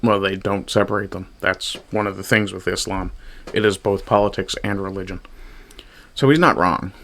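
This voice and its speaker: A man's voice: deep voice, fairly even intonation, normal speed, creaky, fairly bright tone. Sarcastic, swearing man from Newfoundland. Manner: sarcastic, profane, mocking. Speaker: commentary streamer. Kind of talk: reaction commentary on clips.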